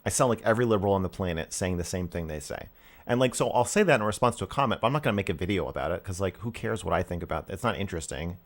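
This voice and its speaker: A man hosting a call-in stream, ranting in casual, exasperated talk that swears often, flaring loud and then dropping low.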